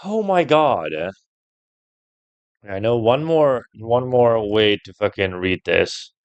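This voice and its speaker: A young man commenting while he plays a puzzle game, thinking out loud, swearing often and getting loudly frustrated. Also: medium pitch, expressive, takes it slowly, clean tone, highs cut off. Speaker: gameplay streamer.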